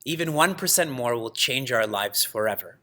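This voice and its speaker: A man teaching a scripture class, telling stories in a lively way, laughing often and using Sanskrit terms. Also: medium pitch, moderate pace. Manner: lively storytelling with frequent laughs. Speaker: spiritual teacher.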